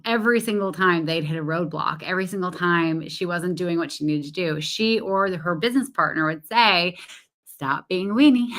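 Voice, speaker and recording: A woman's voice: lowish voice, sharp tone. A woman business coach talking candidly and animatedly to her listeners, correcting herself and laughing as she goes. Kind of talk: casual solo podcast talk.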